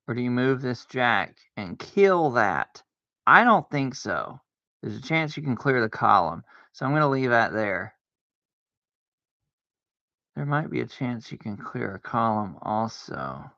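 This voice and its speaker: Gravelly man muttering through a card game. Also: medium pitch, big pitch swings, a little slow, bright, forceful tone, no room sound. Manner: argues with himself, mock-scared outbursts. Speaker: streamer playing solitaire. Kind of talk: casual gameplay commentary talking to himself. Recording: dull lo-fi dry sound.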